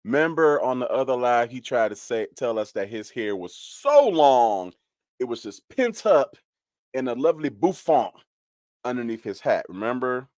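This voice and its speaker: A man giving sarcastic gossip commentary in a shady, drawn-out way, full of asides. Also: medium pitch, very animated, a little mellow, no room sound, clean studio sound.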